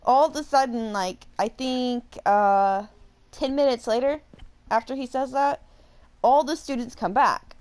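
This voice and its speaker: Young woman, gaming host, spins a chatty, animated anecdote mid-game. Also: high-pitched, unhurried. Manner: animated, rambling, full of fillers and laughter. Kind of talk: casual storytelling while playing a game.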